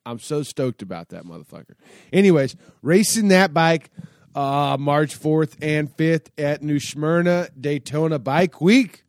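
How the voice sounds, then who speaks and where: A man's voice: a little high, lively intonation, measured pace, dry recording, studio quality. A man telling a long casual story in a rambling, profane way, full of fillers and restarts. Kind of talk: casual spoken anecdote.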